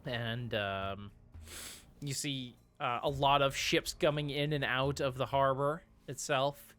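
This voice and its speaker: A man's voice: mid-range voice, fairly even intonation, takes it slowly, a bit bright, soft background music. A man narrating as game master of a tabletop game, hesitant with many restarts.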